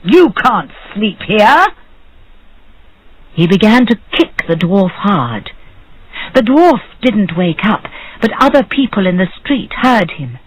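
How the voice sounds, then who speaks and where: A woman reading a simple story aloud for English learners, in short clear sentences. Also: rough recording. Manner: slow, clear, simple sentences with lively pitch. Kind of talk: scripted story narration.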